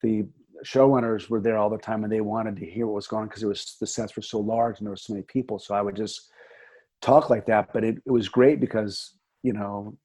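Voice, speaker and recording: A middle-aged man with a warm, darkish voice and a husky edge. He chats as a podcast guest about his work as an assistant director. His telling is lively and rambling, with plenty of restarts. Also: lowish voice, fairly quick. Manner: lively, chatty storytelling with frequent laughs and restarts. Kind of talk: casual conversation.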